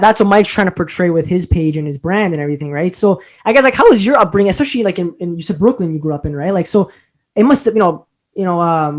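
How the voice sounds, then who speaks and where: A man's voice: sits high, a little mellow. A man hosting a casual interview show, asking long, rambling questions full of fillers. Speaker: podcast host.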